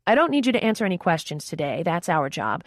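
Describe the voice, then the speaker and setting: Woman voicing a brisk, serious publicist. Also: lowish voice, big pitch swings, no room sound, studio quality. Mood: firm. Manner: crisp, firm, businesslike.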